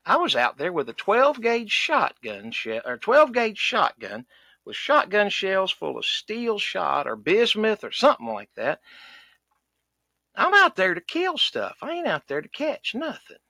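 Man putting on a folksy hunter character, exasperated rant, bright voice, swoops all over, dry sound. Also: high-pitched, huge pitch swings, measured pace, gravelly, dry recording, heavily acted. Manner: folksy, exasperated ranting with sighs and country grammar. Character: loud rural Southern male duck hunter, cranky, folksy. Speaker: recurring comedy character. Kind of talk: comedic podcast rant.

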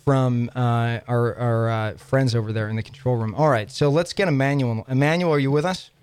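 A man's voice: mid-range voice, darkish tone, clean tone. A man hosting a comedy radio show, taking a call with playful, mock-confused banter. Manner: playful, feigning confusion, quick asides.

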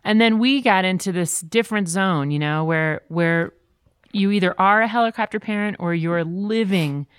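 Middle-aged woman, conversational, animated storyteller, lowish voice, dry close sound. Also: normal speed, clear, resonant tone, no room sound. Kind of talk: casual conversation.

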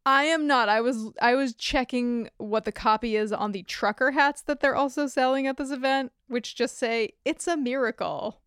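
Wry woman podcast co-host, higher voice. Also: normal speed, few pauses, fairly bright tone, clear, resonant tone, no room sound, studio quality. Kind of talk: casual chat recapping a TV episode.

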